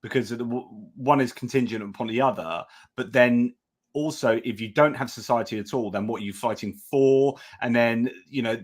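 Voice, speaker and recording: A man hosting a live stream, thinking aloud in a casual way with many restarts. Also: medium pitch.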